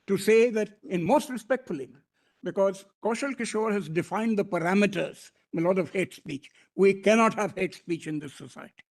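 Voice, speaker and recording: Indian lawyer guy, highish voice, pleading to the bench in court, lots of my lord, stops and restarts a lot. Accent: Indian English. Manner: deferential, repeatedly addressing the bench as my lord; emphatic, with halting restarts. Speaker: senior advocate arguing before a court bench. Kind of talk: formal courtroom argument.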